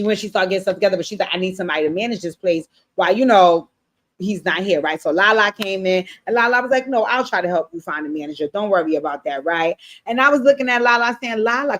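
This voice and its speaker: A woman's voice: mid-range voice, quick pace. Woman recapping a show. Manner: animated, profane storytelling with quoted voices. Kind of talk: casual episode recap.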